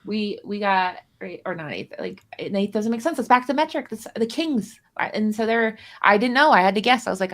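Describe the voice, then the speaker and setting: A woman co-hosting a stream chats about a card game, rambling and joking at her own expense. Her mid-range voice has lively intonation and a fairly bright tone, running a little fast with few pauses.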